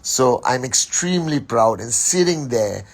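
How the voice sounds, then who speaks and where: Male live-stream host on a phone, unhurried delivery, mid pitch, reels off viewer names and rallies the team. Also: lively intonation. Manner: rapid-fire greetings to viewers by name, upbeat and rallying. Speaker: network marketing leader hosting an Instagram live. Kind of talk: casual live-stream shout-outs and pep talk.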